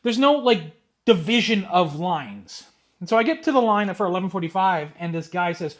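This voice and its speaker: A young man telling a rambling, exasperated story in a casual vlog, with excited asides as he opens cards. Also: high voice, normal speed. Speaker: card collector vlogger.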